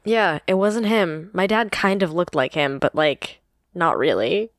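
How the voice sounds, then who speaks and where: A woman with a notably low voice, chatting casually on a podcast. She rambles and circles back with plenty of fillers, and the recording is dry and close. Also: animated, measured pace, no room sound. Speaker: podcast co-host. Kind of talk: casual chat.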